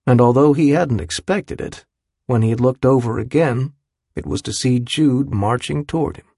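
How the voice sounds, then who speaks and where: A man narrating an audiobook in a measured, even reading style. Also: mid-range voice, vocal fry, breathy edge, no room sound, studio quality. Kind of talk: scripted narration.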